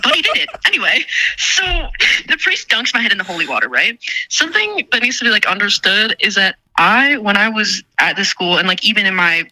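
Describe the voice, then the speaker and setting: A woman's voice: mid-range voice, sing-song, fairly quick, sharp tone, low-quality recording. A young woman, a guest, telling a childhood story in casual chat, swearing and mocking herself with lots of restarts. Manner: profane, self-mocking, rambling with many restarts.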